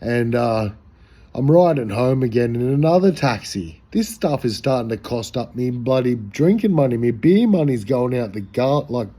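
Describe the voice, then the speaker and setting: Australian bloke, husky and dark-toned, casual rambling storyteller, swears freely. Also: male voice, medium pitch, animated, normal speed. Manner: rambling, profane, slangy. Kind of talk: casual anecdote.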